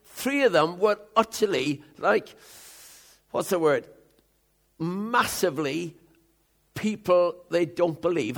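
An older man preaching a conversational sermon, telling stories with frequent throat-clearing and chuckles. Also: high voice, fairly bright tone.

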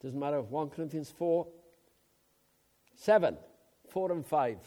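An older man from Wales preaching a sermon, swinging between loud emphatic outbursts and quiet asides. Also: on the high side, animated, measured pace. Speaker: pastor.

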